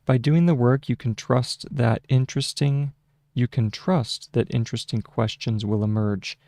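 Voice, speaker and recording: A man's voice: mid-range voice, fairly even intonation, darkish tone, no echo. A man hosting a casual shorthand tutorial, thinking aloud at his desk into a close microphone, with frequent fillers and restarts. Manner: slow, halting, with many fillers and restarts. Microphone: close desk microphone with a mute button.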